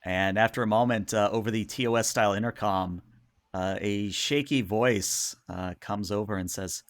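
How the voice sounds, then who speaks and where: Relaxed man narrating as game master. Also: on the low side, normal speed, no room sound, studio quality. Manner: relaxed, hesitant, many fillers.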